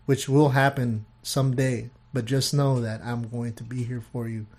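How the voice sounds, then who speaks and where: A man's voice: mid-range voice, flat delivery, moderate pace, darkish tone. Casual swearing man telling stories. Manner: loose storytelling with swearing. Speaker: podcast co-host. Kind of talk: casual chat.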